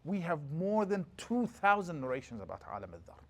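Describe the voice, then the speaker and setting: A middle-aged man giving a classroom lecture as a religious teacher, explaining lively and breaking into quick chanted scripture passages. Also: a little high.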